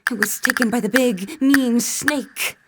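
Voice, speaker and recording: A woman voicing a timid little squirrel in a spoken storybook, high and stammering. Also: unhurried, heavy background noise, natural voice. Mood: fearful. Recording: voice over loud bassoon and percussion music.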